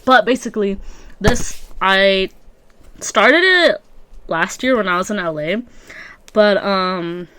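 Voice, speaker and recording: A woman's voice: medium pitch, animated, slow pace, long pauses, a bit bright, dry recording. A young adult woman with a stuffy nose, hosting a rambling, slang-heavy solo podcast. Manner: slangy and rambling, many fillers. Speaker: podcast host. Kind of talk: casual solo podcast chat.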